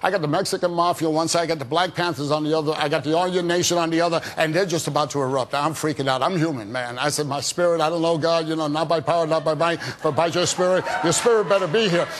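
Fervent evangelist man, higher voice. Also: fast talker, hardly any pauses. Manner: excited storytelling, fervent preaching. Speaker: evangelist guest. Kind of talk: testimony and prayer on Christian TV.

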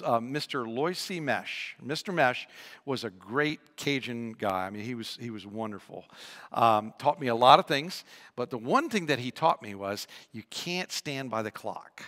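A male pastor preaching a sermon with animated storytelling, humor and frequent repetitions, in an echoey church hall. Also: medium pitch, moderate pace.

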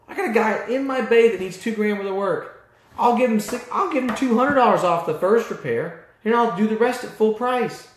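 A man's voice: sits high, roomy sound. A man coaching auto repair shop owners in a fired-up, blunt, mildly profane motivational talk.

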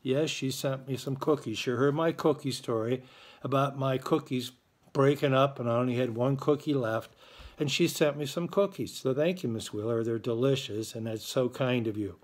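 A man's voice: medium pitch, moderate pace. Chatty, playful man hosting school announcements. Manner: chatty, playful, joking with listeners. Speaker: school morning show host.

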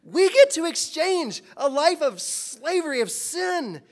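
A man's voice: very high-pitched, sing-song, takes it slowly. A man preaching a sermon as pastor, impassioned and full of rhetorical questions.

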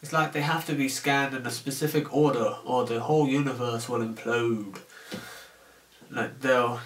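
A man's voice: mid-range voice, a bit bright, far from the mic. A young man from the UK delivering a casual, sarcastic comedic rant to camera about his work as a shop cashier. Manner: sarcastic, exasperated, acts out customer exchanges. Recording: roomy echo, voice off-mic.

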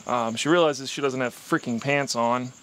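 A man's voice: medium pitch, fairly even intonation, normal speed, a bit bright. Man telling a tense personal story. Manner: emotional, rambling with many fillers. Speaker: vlogger.

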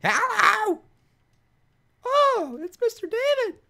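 A man voicing a chirpy, forgetful old landlady in a squeaky falsetto, reading game dialogue aloud in a sing-song way. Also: big pitch swings, slow, gravelly, sharp tone, heavily acted.

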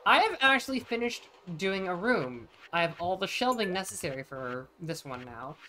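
A woman streaming a farming game and chatting casually, playful and quick to swear, often talking to the game's characters. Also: on the low side, sing-song, bright, forceful tone, a little hiss or hum. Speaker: vtuber streamer. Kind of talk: casual chat while playing a farming game.

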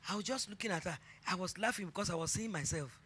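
A middle-aged woman pastor with a Nigerian accent preaching a sermon, emphatic and repeating her phrases as she builds to shouted exhortation. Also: on the low side, fast talker, breathy edge.

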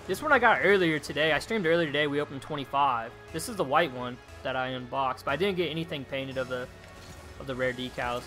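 A young man live streaming a game, chatting excitedly with viewers, reading their messages and calling them dude. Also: medium pitch, quick pace, faint music behind. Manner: excitable, chatty, reads chat aloud, calls viewers dude. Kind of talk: live gameplay streaming commentary.

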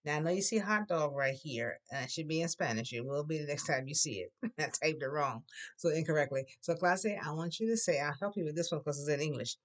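Classroom teacher, patient drill voice, models words loudly for repetition. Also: medium pitch, fairly quick. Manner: patient, coaxing prompts. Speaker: Spanish teacher.

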